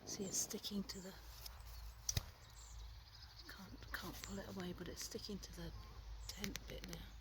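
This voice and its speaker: A woman's voice: mid-range voice, fairly even intonation, unhurried, long pauses, heavy background noise. A woman in her sixties chatting to camera from her tent at a campsite, often dropping to a whisper. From United Kingdom. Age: 60s. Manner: chatty, often hushed to a whisper early in the morning. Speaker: nomad vlogger. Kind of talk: casual chat to camera.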